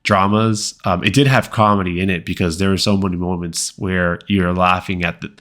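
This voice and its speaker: A man with a very deep voice talks through a film review in a relaxed, off-the-cuff way. He circles back on words and piles up fillers as he thinks aloud. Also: moderate pace. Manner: conversational, many fillers and repeated words; acts out quoted lines. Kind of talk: casual movie review vlog.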